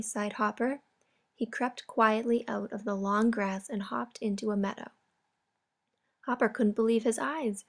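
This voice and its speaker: A woman narrating a children's storybook in a calm, clear way. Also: fairly high pitch.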